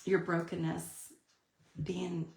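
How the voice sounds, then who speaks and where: A woman's voice: fairly low pitch, flat delivery, slow pace, vocal fry, darkish tone. A woman, chatting through a live card-making demonstration and answering viewer comments. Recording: echoey room.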